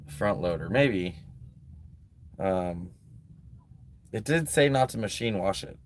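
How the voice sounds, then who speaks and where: Outdoors at a beach, a man with a fairly low voice hosts a casual live stream, reading out donations. His talk is rambling and relaxed, peppered with "like" and "um", over slight background noise.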